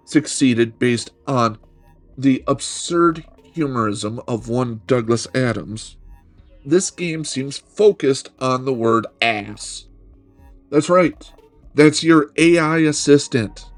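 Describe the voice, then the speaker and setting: A middle-aged man hosting a video game review, talking in a wry, joking way that rambles with self-corrections. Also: medium pitch. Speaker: game reviewer, channel host. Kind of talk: casual game review monologue.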